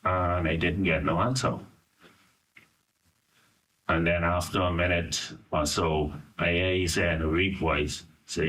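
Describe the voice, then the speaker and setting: A middle-aged Bahamian man recounting a personal ordeal in an interview, halting and full of "you know". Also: low voice, little pitch movement, a bit bright. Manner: halting, searching for words, frequent "you know". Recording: voice from a distance.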